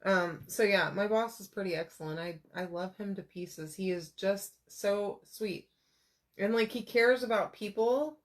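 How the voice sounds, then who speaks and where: A woman's voice: mid-range voice, unhurried. A woman in her thirties chatting casually while crafting, telling rambling personal stories with lots of fillers. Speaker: crafter vlogger.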